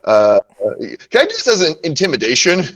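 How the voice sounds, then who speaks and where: A man's voice: a little high, wildly swooping pitch, fast, a bit bright. A man playing a tabletop game over an online call, easygoing with hesitant fillers. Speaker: player. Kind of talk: casual game-table chat.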